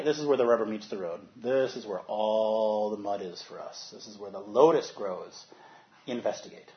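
A man giving a dharma talk as a meditation teacher, animated, moving from soft, quiet stretches to loud bursts as he acts out inner voices. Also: lowish voice, dull audio.

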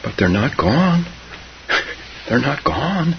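A man in his seventies giving an unhurried, reflective dharma talk, laughing softly and dropping to whispers, in a muffled recording. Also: a little high, very animated, gravelly, slight background noise. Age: 70s. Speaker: meditation teacher.

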